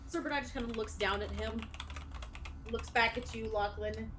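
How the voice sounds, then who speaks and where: A woman's voice: fairly high pitch, steady tone, normal speed. Woman dungeon master narrating casually. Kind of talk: narrating a tabletop game. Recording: noisy background.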